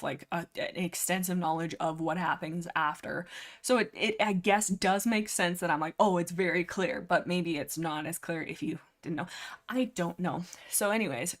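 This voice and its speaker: A young woman with a slightly low voice chats on her livestream in a loose, rambling way. She restarts her sentences and apologizes often, and sounds a little breathless from nerves. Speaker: livestream host. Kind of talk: casual livestream chat.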